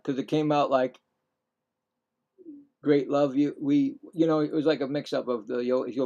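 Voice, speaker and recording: A man's voice: fairly high pitch, normal speed, long pauses, a little mellow, highs cut off. A middle-aged man giving casual live baseball play-by-play, rambling and correcting himself with chatty asides. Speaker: play-by-play streamer.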